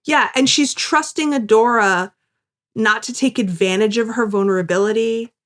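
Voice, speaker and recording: A podcast co-host whose voice sits on the high side speaks at a moderate pace. In casual chat she recaps an episode, enthusiastically acting out the characters' lines.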